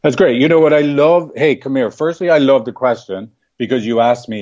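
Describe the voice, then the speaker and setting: A man who works as a marriage and family therapist, telling stories in a lively conversational way and often asking "right?". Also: mid-range voice, fairly quick, few pauses, lo-fi sound. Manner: animated storytelling with frequent rhetorical "right?". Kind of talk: conversational podcast interview.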